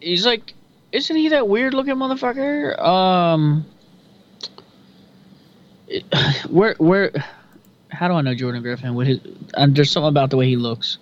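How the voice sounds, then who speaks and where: A man's voice: fairly high pitch, expressive, measured pace, pauses often. A man co-hosting a casual fight-pick chat, loose, profane and chatty. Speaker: podcast co-host. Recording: dull lo-fi sound.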